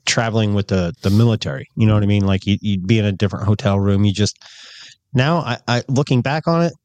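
A man co-hosting a podcast who talks in halting, casual chat, often repeating words and swearing. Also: on the low side, a little mellow, no echo. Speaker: podcast co-host.

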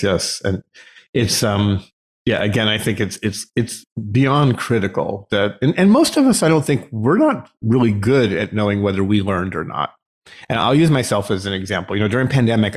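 A male podcast host in casual interview chat, chatty and quick to laugh, with many fillers. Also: lowish voice.

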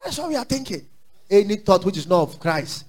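Man, Ghanaian accent, high voice, pastor, sermon, call-and-response, quiet asides and loud declarations. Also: very animated, fairly quick. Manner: exhorting call-and-response preaching; swings between low asides and loud declarations.

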